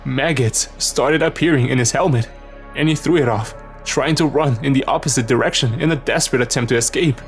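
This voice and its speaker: A man's voice: medium pitch, fairly quick. A man narrating a horror story in a tense, dramatic scripted reading. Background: background music.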